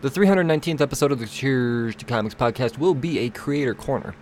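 A man's voice: medium pitch, fast talker, darkish tone, a little hiss or hum. A man hosting a comics podcast, reading sponsor spots casually, rambling and joking with himself. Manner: rambling, self-interrupting, jokey. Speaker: podcast host. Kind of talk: casual podcast reads and intro.

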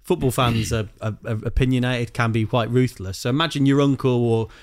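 Easygoing male podcast host, mid-range pitch, casual questioning. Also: fairly even intonation, brisk. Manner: asks questions, chips in with own stories. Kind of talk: casual chat.

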